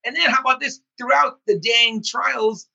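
A man hosting a casual podcast chat, lively and often acting out scenes in quoted voices. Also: very high voice, moderate pace, gravelly, husky, highs cut off.

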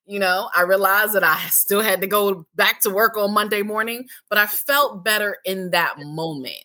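A woman in her forties, an interview guest, telling a candid personal story in an animated way, acting out past conversations. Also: moderate pace. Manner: animated, acts out past dialogue with big pitch jumps. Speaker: interview guest, healing center founder.

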